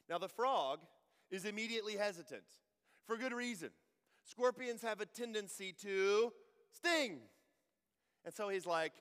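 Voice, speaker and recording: A man's voice: sits high, lively intonation, a little fast, a bit bright, clean tone, long reverb tail. A man preaching a sermon as a pastor, conversational and joking in asides.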